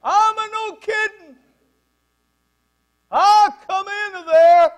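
A man voicing a strict, gruff older Italian father who shouts in an Italian accent. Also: very high voice, fairly even intonation, voice pushed up. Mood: angry yelling. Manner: shouting, drawn-out.

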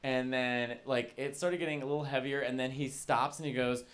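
A man doing stand-up, telling animated stories and answering audience questions on stage. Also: medium pitch, moderate pace, smooth. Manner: animated, laughing, acts out voices. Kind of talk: stand-up crowd work, casual storytelling. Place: stage in a comedy venue.

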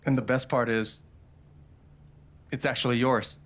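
An actor playing a teasing, easygoing young brother in a video game. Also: male voice, mid-range voice, flat delivery, a little slow, fairly bright tone, natural voice. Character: teasing, warm young adult older brother.

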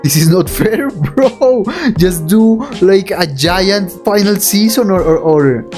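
A young man giving anime reaction commentary, excitable and emotional, swearing and often laughing while he talks. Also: high voice, slow, soft background music. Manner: excitable and emotional, swearing, frequent laughter, calls the viewer bro.

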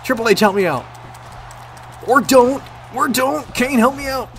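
A man commentating on his own gameplay, excitable, swearing and yelling at the game. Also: very high voice, measured pace, faint music behind. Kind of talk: let's play commentary.

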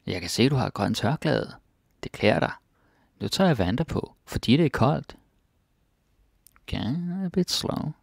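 A man teaching a casual Danish vocabulary lesson. He repeats each word slowly and drops to murmured asides. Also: medium pitch, very animated, creaky, slightly rough, no room sound, clean studio sound.

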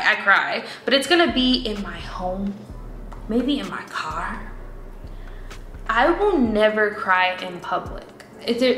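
Bright-voiced young woman telling a storytime. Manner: animated, chatty, rising to high emotional peaks. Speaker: vlogger. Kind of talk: storytime vlog. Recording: echoey room with faint background noise.

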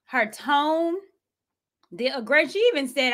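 A woman hosting her own commentary show, sassy and animated, with quick asides. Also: high voice. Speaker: host. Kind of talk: commentary vlog.

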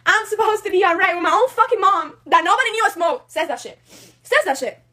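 Extremely high-pitched, bright and forceful, this voice belongs to a livestreamer in her late teens, a native Spanish speaker venting at home. She's animated and fairly quick, cursing in an angry, agitated emotional rant that jumps between Spanish and English.

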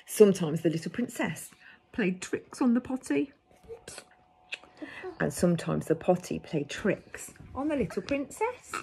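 Woman, nursery teacher, animated storybook reading, gasping, sing-song, faint background hiss. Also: mid-range voice, unhurried, vocal fry. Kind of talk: reading a picture book aloud to toddlers.

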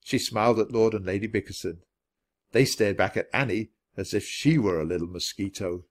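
A man reading a children's chapter book aloud with expressive storytelling. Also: on the low side, moderate pace. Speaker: storybook reader.

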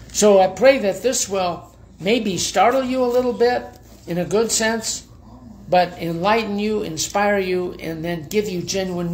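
Earnest older pastor. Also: male voice, sits high, gravelly. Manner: earnest, reads quotes aloud with folksy asides. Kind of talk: devotional sermon.

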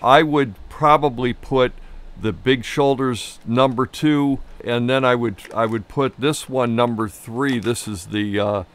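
A man with a Chicago accent co-hosting a casual coffee tasting chat, rambling and full of fillers, quick to laugh. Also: mid-range voice, steady tone, a bit bright. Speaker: co-host.

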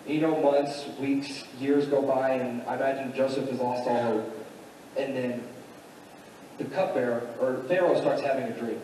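A man's voice: medium pitch, steady tone, normal speed, dark tone, slight background noise. A man preaching a sermon, retelling a story casually with many fillers, in a church sanctuary. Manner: casual, filler-heavy retelling with "like" and "you know". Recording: echoey hall from far off.

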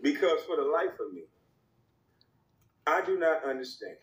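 A man's voice: a little high, expressive, moderate pace, pauses often, echoey room, poor audio. A man giving an emphatic sports opinion rant, repeating points for stress. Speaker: commentator.

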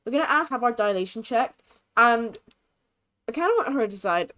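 A young woman giving casual, chatty commentary on a life-simulation game, expressive and sympathetic. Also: a little high, fairly quick. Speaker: gaming creator.

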